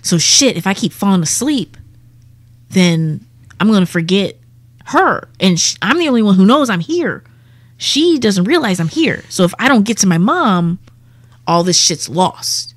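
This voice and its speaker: A woman's voice: mid-range voice, lively intonation, measured pace, dry recording. A young adult woman, a comedian guest, telling a vivid and profane story in a casual way.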